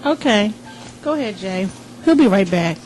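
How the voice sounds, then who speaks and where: A woman hosting a casual talk radio show in an unhurried, conversational way. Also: mid-range voice, animated, a little mellow, faint music behind, rough recording.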